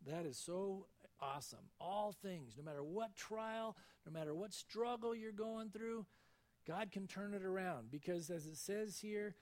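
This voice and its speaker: A pastor with a notably high-pitched voice preaches a sermon at normal speed, his pitch swinging widely. He reads scripture aloud and tells stories dramatically, shifting his tone expressively.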